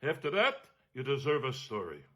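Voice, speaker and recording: A man, a cantor telling a humorous personal story with animated delivery and frequent laughs. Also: medium pitch, normal speed. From Brooklyn, New York. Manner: animated, laughs often, acts out voices.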